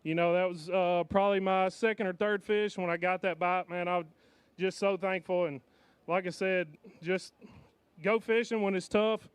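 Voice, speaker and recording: High, smooth-voiced grateful angler man. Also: fairly even intonation, no echo. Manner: grateful, halting, many fillers. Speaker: pro angler. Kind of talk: post-weigh-in interview.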